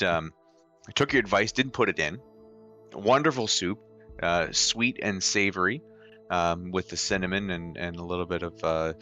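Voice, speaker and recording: A low-pitched man from Canada with a bright, forward tone co-hosts a casual charity stream. He is easygoing and tells stories with dry jokes, with faint music playing behind him. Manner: easygoing, dry joking, storytelling. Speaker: co-host, host's brother. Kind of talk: casual charity livestream chat.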